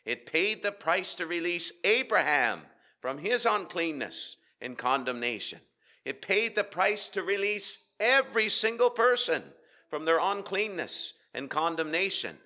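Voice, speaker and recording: Bright-voiced preacher with dramatic pauses. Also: male voice, high voice, big pitch swings. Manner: dramatic pauses, rhetorical questions, swings from loud to hushed. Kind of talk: sermon. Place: church.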